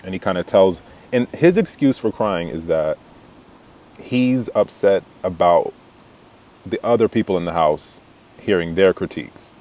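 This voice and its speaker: A man's voice: low voice, lively intonation, unhurried, darkish tone. A young man recapping a reality show in a chatty, catty way, full of "like" fillers and laughter. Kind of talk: casual gossipy recap.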